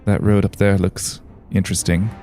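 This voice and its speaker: A man voicing a sly, weary male spymaster in a tabletop game, talking softly and knowingly. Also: sits low, little pitch movement, moderate pace, natural voice. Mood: wry.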